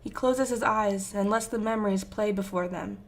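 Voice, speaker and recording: A woman's voice: medium pitch, fairly even intonation, normal speed. A woman reading a fan fiction story aloud with intense, emotive narration. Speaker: fanfiction reader.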